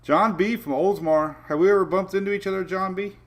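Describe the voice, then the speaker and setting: Greeting viewers by name, this weather show host wanders through maps on a laid-back livestream, full of fillers and restarts. His voice sits high with a steady tone, and he talks a little fast.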